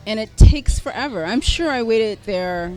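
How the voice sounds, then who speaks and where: A middle-aged woman telling a personal story as a podcast guest, animated and self-deprecating, laughing often as she talks. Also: on the high side, moderate pace. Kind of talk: conversational storytelling.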